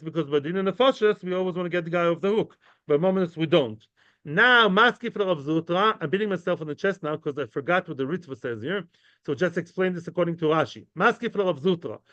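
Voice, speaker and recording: A man giving an informal, animated Talmud class, chatty and lively, mixing English with Hebrew and Yiddish terms. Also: high-pitched, brisk, no echo, muffled recording. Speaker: Talmud teacher.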